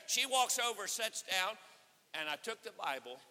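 A man preaching at a conference, telling a story with acted-out dialogue and rising to shouts. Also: high voice, normal speed. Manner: animated, acts out dialogue, swells to shouting. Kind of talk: sermon storytelling. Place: church or conference hall. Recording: reverberant hall.

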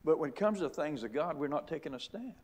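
A man's voice: a little high, animated, quick pace, a little mellow. A middle-aged man, a pastor preaching a sermon with emphatic, repeated rhetorical questions.

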